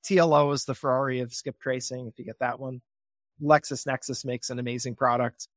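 A man being interviewed on a podcast about real estate investing, talking in an animated way and acting out his phone calls in a cheerful voice. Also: medium pitch, brisk, no echo, studio quality.

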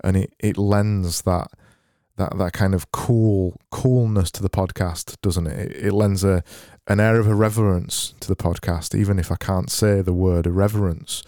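A man hosting a solo comedy podcast, rambling deadpan and mocking himself, into a boom-arm mic. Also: normal speed, no echo, clean studio sound. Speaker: podcast host.

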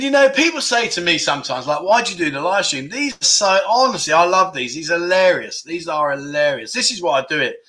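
Guy doing a chatty livestream, bright voice, keeps chuckling while he reads comments. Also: on the high side. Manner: chuckling often, teaching Thai words slowly. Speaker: livestream host. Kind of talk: casual live chat reading viewer comments.

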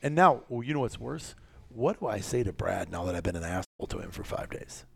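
A man hosting a casual podcast, telling a story in a blunt, profane, animated way. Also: lowish voice, brisk, vocal fry, husky, no echo, clean studio sound. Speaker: podcast host.

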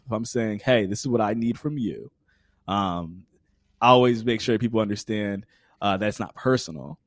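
A man's voice: on the low side, no echo, studio quality. A man in his twenties, a podcast guest, talking earnestly in an interview and explaining with everyday examples. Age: 20s. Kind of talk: conversational interview.

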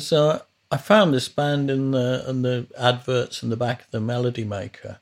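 A man's voice: medium pitch, fairly even intonation, slow, long pauses. A man hosting a podcast, telling rambling, casual stories about his early life as a musician. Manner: rambling, with frequent restarts. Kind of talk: casual storytelling.

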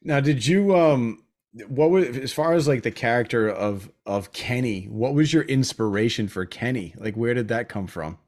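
A man's voice: mid-range voice, lively intonation, moderate pace, darkish tone. A man hosting an interview podcast, enthusiastic and laughing often in casual chat. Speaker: podcast host.

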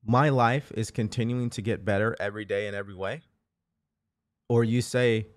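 A man with a lowish voice hosts a motivational live show. He speaks earnestly and repeats key phrases as he coaches. The sound is close and dry. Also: no echo. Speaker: host.

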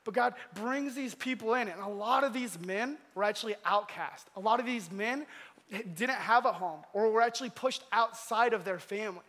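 A man preaches in a relaxed, slangy storytelling manner. His voice is high and bright, and it rings out with a long hall reverb. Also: moderate pace. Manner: animated, slangy. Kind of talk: casual storytelling sermon.

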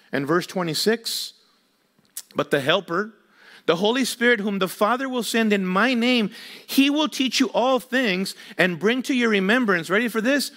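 High-voiced man preaching a sermon. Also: a bit bright. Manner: emphatic preaching with rhetorical questions. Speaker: pastor.

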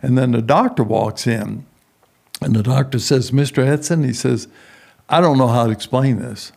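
A man's voice: mid-range voice, moderate pace, vocal fry, darkish tone. A middle-aged man, a prison ministry founder, telling a personal story in an interview and acting out the voices of the people in it.

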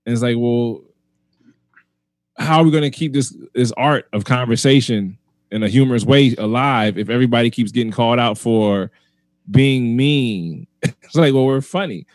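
A man's voice: mid-range voice, normal speed, darkish tone, dry recording. A man, a comedian, talking in a casual chat, arguing his point emphatically and repeating himself as he goes.

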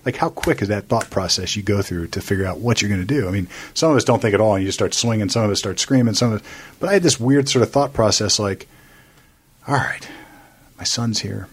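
A middle-aged man telling a story in casual chat, acting out the people he quotes with lively energy. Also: lowish voice, fast, breathy edge.

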